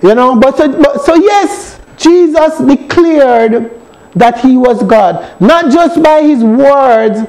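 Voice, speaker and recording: A man's voice: very high voice, animated, slow pace, creaky, a little mellow, low-quality recording. A man with a Jamaican accent, an elder teaching a Bible study and driving his points home with emphatic repetition. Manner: emphatic, repeats phrases.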